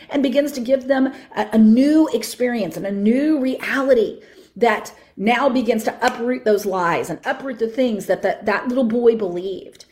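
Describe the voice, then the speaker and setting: Female faith podcast host, animated teaching monologue with frequent repeated words, voice on the higher side. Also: moderate pace.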